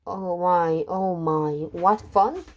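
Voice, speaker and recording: Gleeful, greedy storybook dentist, pompous and cheerful, read by a woman; low and unhurried. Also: darkish tone.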